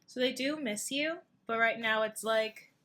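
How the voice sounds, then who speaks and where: A woman's voice: a little high, measured pace, a bit bright. A young woman talks through a tarot reading in a casual, rambling way, full of fillers and asides. She sounds tired and keeps things loose and friendly. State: tired, yawning. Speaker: tarot reader.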